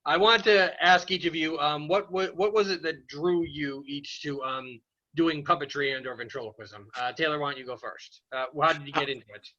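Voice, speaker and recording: An upbeat man hosting a casual roundtable chat. His voice is fairly high and bright, and the audio comes through muffled and lo-fi. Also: normal speed. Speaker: host. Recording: dull lo-fi audio.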